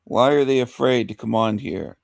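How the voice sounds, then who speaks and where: A man's voice: mid-range voice, normal speed, gravelly, dry recording, studio quality. A man hosting a live stream in casual chat, repeating his greetings over and over and coaxing silent viewers to speak up. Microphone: desk mic.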